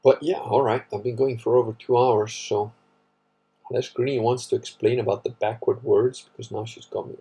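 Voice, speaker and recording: Husky man rambling. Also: medium pitch, steady tone, moderate pace, dark tone. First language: Italian. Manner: rambling, profane, wry. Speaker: livestream host. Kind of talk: casual livestream chat reading comments.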